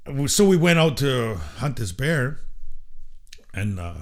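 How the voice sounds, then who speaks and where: A man's voice: medium pitch, big pitch swings, slow pace. A man from Canada, a podcast guest telling a story in casual conversation, acting out quoted voices and swearing freely.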